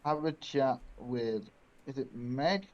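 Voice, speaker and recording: A man playing in a tabletop game, speaking in a measured, dry way. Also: medium pitch, muffled recording. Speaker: player.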